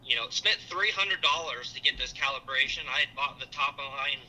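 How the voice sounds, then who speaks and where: A middle-aged man on a casual call-in chat as a guest, rambling and halting with restarts. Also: medium pitch, bright, forceful tone, low-quality recording.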